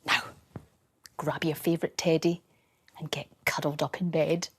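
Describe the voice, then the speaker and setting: A woman reading a bedtime story for children, gentle, soothing and playful. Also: sits low, little pitch movement, normal speed, slightly rough.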